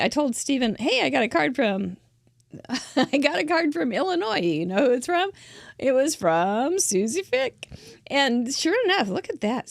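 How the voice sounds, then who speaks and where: A woman's voice: high voice, creaky, dry recording, clean studio sound. A woman hosting a craft show, chatting in an effusive, gushing way and laughing often as she shows cards from viewers. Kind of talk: casual live-show chat.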